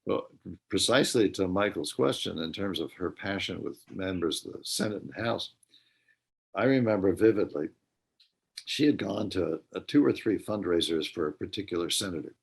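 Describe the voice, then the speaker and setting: An older man speaking as an interview guest, hesitant and full of filler pauses. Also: low voice, expressive, gravelly, husky. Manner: hesitant, many filler pauses while recounting. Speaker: guest, dementia advocate. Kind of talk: radio interview talk.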